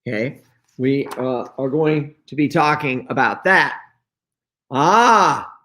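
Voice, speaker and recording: Slow, rambling man clearing his throat. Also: medium pitch, pushed and bright. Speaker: host. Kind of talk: solo video commentary showing papers and photos to camera. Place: at home, items on his wall.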